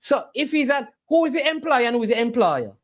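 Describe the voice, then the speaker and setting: Livestream host, argues and lectures the chat, swooping animated pitch. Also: fairly quick. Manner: argumentative, preachy, rhetorical questions. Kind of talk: casual argumentative livestream talk.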